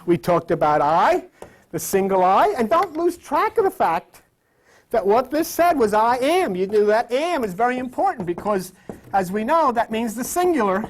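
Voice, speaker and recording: A man teaching a Bible lesson like a sermon, with emphatic, repetitive preaching that swings from loud to whispered, often quizzing his listeners. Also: very high-pitched, very animated, normal speed.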